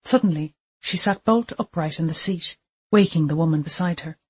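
A narrator reading a thriller audiobook in a steady, measured storytelling manner. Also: mid-range voice, husky.

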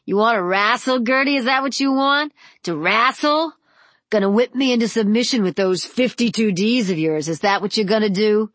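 A woman voicing a menacing, cruel male brute who growls low and taunts, in an audiobook. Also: steady tone, normal speed, hardly any pauses, breathy edge, dry recording, full character voice. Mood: mocking. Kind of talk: audiobook character voice.

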